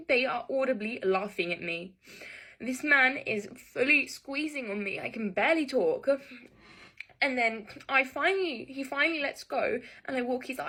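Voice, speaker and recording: A woman's voice: on the high side, pushed and bright. A young woman telling a personal story in an agitated, angry way, swearing often. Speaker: vlogger recounting an assault. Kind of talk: emotional personal story to camera.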